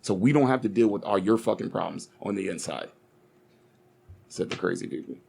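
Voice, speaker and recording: A man's voice: sits low, fairly quick, vocal fry, darkish tone, a little hiss or hum. A man co-hosting a podcast, talking bluntly and swearing a lot in casual chat. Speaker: podcast co-host.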